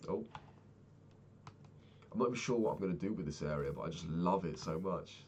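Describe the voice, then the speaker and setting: Young guy with a very deep voice, rambly and sweary, kinda down, faint typing behind. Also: animated, a little fast, darkish tone, slight background noise. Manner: swears often, rambling and candid. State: low and sad. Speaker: Minecraft vlogger. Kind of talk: casual chat while playing a game.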